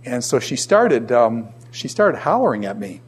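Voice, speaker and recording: A man's voice: medium pitch, sing-song, normal speed, a little hiss or hum. A man in his fifties teaching a class in a conversational lecture, repeating his points and acting out quoted voices.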